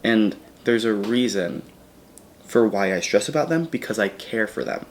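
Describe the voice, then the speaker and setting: A man's voice: fairly low pitch, expressive, normal speed, a little hiss or hum. A man talking to camera in a casual, reflective vlog, rambling and correcting himself as he goes. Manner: rambling, self-correcting, earnest. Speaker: vlogger.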